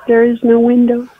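A woman answers a prank call, giggling and amused. She speaks slowly in a somewhat high voice. Her voice comes through a thin, tinny phone line, dry and close. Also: no room sound. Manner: amused, giggly, slow-spoken. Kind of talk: phone conversation.

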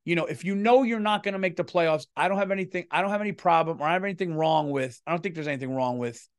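A man's voice: a little high, quick pace, dry recording, clean studio sound. A middle-aged man, hosting his comedy podcast in a casual, profane rant and feeling unwell. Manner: profane, animated, swings loud and quiet.

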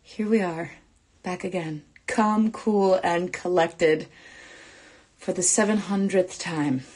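A young woman hosting a casual live stream, flustered and excitable as she talks to her viewers. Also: mid-range voice.

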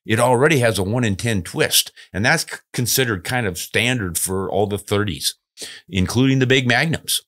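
A man's voice: medium pitch, lively intonation, moderate pace, a bit bright. A man hosting a podcast, reading listener letters aloud and answering them in a folksy, easygoing way, often chuckling. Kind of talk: casual podcast chat.

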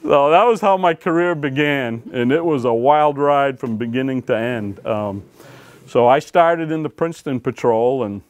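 A man spins stories from his years as a game warden, folksy and animated, often acting out what people said. His voice sits in a middle register. The sound is dry and close, with little room around it. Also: medium pitch, clean tone, no room sound. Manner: folksy, animated storytelling with laughs and acted-out quotes. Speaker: author and former game warden. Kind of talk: storytelling talk to an audience. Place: library talk room.

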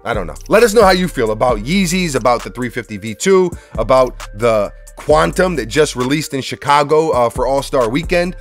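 A man's voice: mid-range voice, expressive, moderate pace, hardly any pauses, soft background music. A man hosting a casual sneaker review vlog from his workshop, talking in a laid-back, joking, rambling way. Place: workshop studio.

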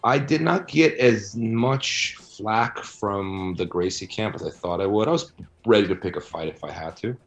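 A middle-aged man answering interview questions about his research, blunt and animated as he argues his points. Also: on the low side, normal speed, gravelly, soft background music. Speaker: guest, researcher and author.

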